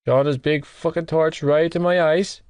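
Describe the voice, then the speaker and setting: A boisterous, tipsy young rugby player blurts everything out in a voice pushed up high above the reader's own. A man acts him out loud and overeager, recorded dry and close. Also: steady tone, moderate pace, clear, resonant tone, no echo, close to an everyday voice. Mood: earnest.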